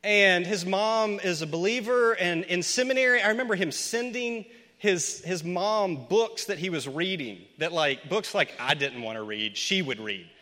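Male pastor, high and bright voice, earnest storyteller, preaching in a hall with long reverb. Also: lively intonation, moderate pace. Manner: conversational, earnest, builds to emphatic points. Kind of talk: storytelling sermon.

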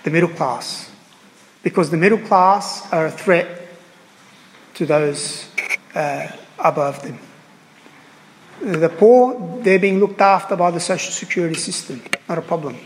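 A man preaching a sermon as a priest, earnest and halting, repeating phrases and pausing on fillers. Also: a little high, big-room sound, a little hiss or hum, poor audio.

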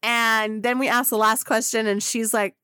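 Woman podcast host with a higher voice and a dry, close sound; gushing, excitable storyteller who swears casually. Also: normal speed, clean tone, no room sound.

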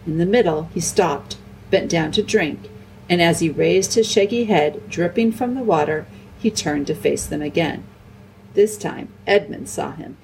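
A woman reads a children's novel aloud in a calm, measured voice. A faint hiss sits under her narration. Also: fairly low pitch, vocal fry, distant mic, low-quality recording. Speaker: audiobook reader. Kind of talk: storybook narration.

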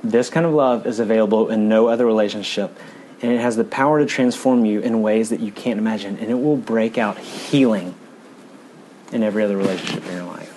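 Give me an earnest man preaching a sermon in church, with a faint hiss behind him. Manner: earnest, builds in fast emphatic runs, then drops low and quiet. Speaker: pastor.

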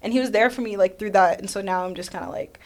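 A woman speaking as a guest in a casual conversation, animated and self-deprecating, often acting out what others said. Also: medium pitch, quick pace. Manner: animated, self-deprecating, acts out quoted voices.

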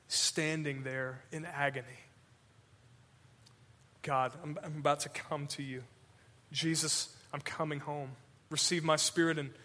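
A man preaching a sermon as pastor, swinging between urgent loud passages and hushed, slow emphasis. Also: sits high. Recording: long hall reverb.

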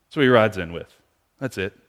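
A man preaching a sermon in a conversational way, moving between hushed, quiet passages and near-shouted ones. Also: fairly low pitch, lively intonation, fairly quick. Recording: long reverb of a large hall.

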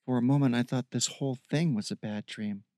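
A man's voice: mid-range voice, a little fast, mellow, dry recording, close to an everyday voice. A man playing a wounded young man in an audiobook, tired but dryly wry. His voice is a plain mid-range, and the sound is close and dead, with no room. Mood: weary.

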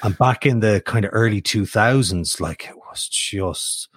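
A man's voice: lowish voice, measured pace, breathy edge, dry recording, studio quality. An Irish man, a voice actor and narrator, chatting in an interview and telling self-deprecating anecdotes. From Ireland. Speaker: voice actor and audiobook narrator guest. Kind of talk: casual interview chat.

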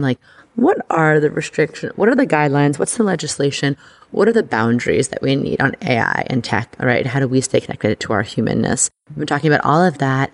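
A woman hosting an astrology podcast, talking in a chatty, excitable way full of "like". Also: low-pitched. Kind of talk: casual podcast monologue.

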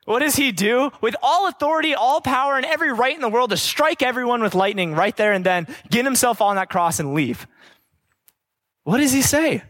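A high-voiced man delivers a sermon, hammering each point with repeated rhetorical questions and slipping into casual, conversational asides. He sounds animated and fairly bright, speaking at a normal pace.

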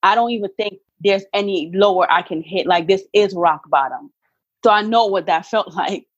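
A woman's voice: mid-range voice, normal speed, slightly rough, dry recording, lo-fi sound. A middle-aged woman, a guest on an interview show, telling her story earnestly and with emphasis. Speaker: guest, author and actress. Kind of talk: candid interview talk.

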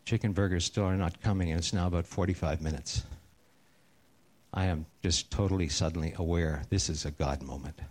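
A middle-aged pastor delivers a sermon in a fairly low voice. He tells his story earnestly and lets it sink to a hushed, unhurried tone when the subject turns serious. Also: fairly even intonation.

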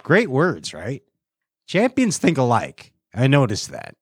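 A man's voice: mid-range voice, huge pitch swings, slow, husky, some chatter behind. A man hosting a casual show, joking around, riffing and scatting between giveaways. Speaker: show host. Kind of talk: casual livestream show banter.

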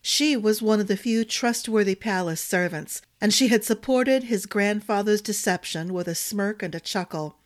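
Woman storyteller reading a fantasy book, even expressive delivery, middle pitch. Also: moderate pace, few pauses. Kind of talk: audiobook narration of a fantasy novel.

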